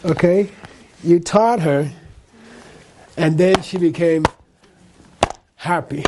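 A man with a high voice teaches a Buddhist class. He talks loosely and conversationally, and he keeps checking in with his listeners. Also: slow, noisy background. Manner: conversational, frequent "okay?" and "you know".

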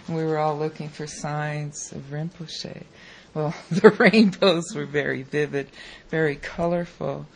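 A woman's voice: sits low, fairly even intonation. A woman invited to share a personal dream, speaking hesitantly. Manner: slow, hesitant storytelling. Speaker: invited student sharing a dream. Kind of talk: personal account.

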